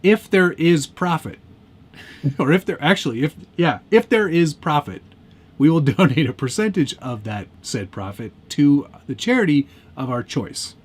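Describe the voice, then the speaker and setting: A man's voice: fairly high pitch, very animated, slightly rough. A man co-hosting a casual live stream, teasing his co-host and laughing often. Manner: joking, teasing, quick to laugh.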